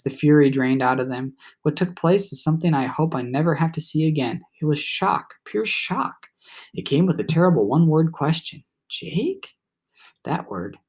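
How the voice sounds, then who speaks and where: A man narrating a children's novel aloud in the first person with a steady, reflective delivery. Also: a little high. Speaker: audiobook reader.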